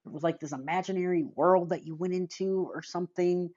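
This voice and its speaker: A woman's voice: on the low side, fairly even intonation, fairly quick, dark tone, lo-fi sound. A woman giving a casual movie review, blunt and rambling, sighing and groping for names.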